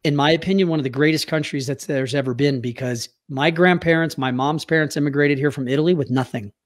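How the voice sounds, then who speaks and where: A man's voice: fairly high pitch, fast. Earnest middle-aged American man. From United States. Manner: earnest, heartfelt, at times choked up. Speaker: guest; youth hockey coach. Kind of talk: emotional personal storytelling.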